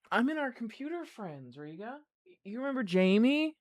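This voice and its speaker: A woman streamer chatting casually, rambling with halting restarts at a desk microphone. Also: fairly high pitch, sing-song, no room sound.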